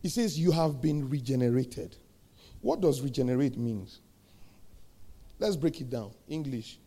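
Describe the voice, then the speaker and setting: A middle-aged man preaching a sermon, asking the congregation questions and building to shouted peaks. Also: mid-range voice, lively intonation, a little slow. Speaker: pastor.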